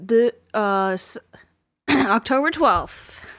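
A woman co-hosting a podcast, answering in dry, unhurried casual banter. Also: a little high, lively intonation, a bit bright, no echo. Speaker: podcast co-host.

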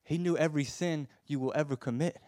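Speaking fast in a slightly high voice, a man delivers a fervent sermon that swings from quiet, gentle moments to loud, forceful declarations. He often stammers and repeats himself as he pushes his arguments. There's no echo.

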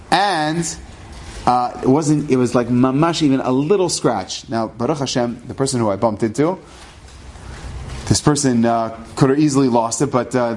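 A middle-aged rabbi telling a personal story in a lively way, sprinkling Hebrew terms into his English. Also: mid-range voice, a little hiss or hum.

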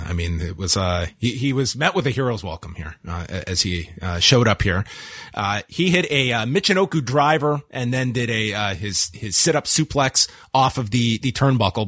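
A man giving a wry, casual recap of a wrestling show, with frequent "uh" pauses. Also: medium pitch, fairly bright tone, breathy edge, no echo. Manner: dry, wry recap with hesitations.

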